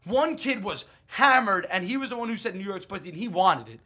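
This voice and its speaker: A young man telling a rowdy story to friends in a casual, animated way, quoting people as he goes. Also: high voice, brisk. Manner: animated, swearing, quotes friends in bursts.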